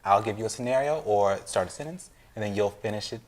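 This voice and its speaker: A woman interviewer in a casual chat, asking quick fill-in-the-blank questions and reacting with encouragement and laughter. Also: a bass voice. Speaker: interviewer, host. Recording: faint background noise.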